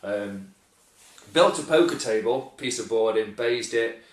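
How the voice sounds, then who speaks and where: A man's voice: mid-range voice, lively intonation. Chatty man in an echoey room. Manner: chatty, agreeable, quick to back the other speaker up. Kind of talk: casual chat.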